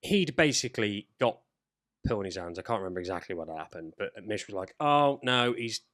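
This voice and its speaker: This podcast co-host speaks quickly in a low voice, spinning animated stories in casual conversation. He swears freely and performs the voices of those he quotes.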